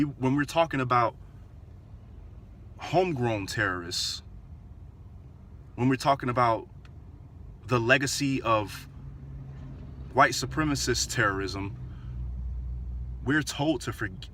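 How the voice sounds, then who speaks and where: A man's voice: lowish voice, sharp tone, slight background noise. A man talking earnestly to his viewers in casual commentary, repeating phrases and restarting often. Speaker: vlogger.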